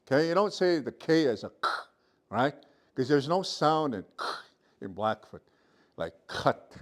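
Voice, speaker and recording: A man teaching a virtual language class, sounding out letters slowly, repeating each sound and checking in with his students often. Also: on the high side, sing-song. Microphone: computer mic on a video call.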